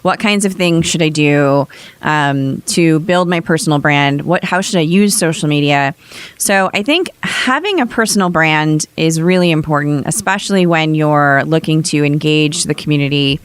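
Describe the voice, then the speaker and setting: A woman's voice: deep voice, moderate pace, smooth, dry recording. A woman hosting a podcast, chatting casually and quoting others in a playful voice. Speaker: podcast host.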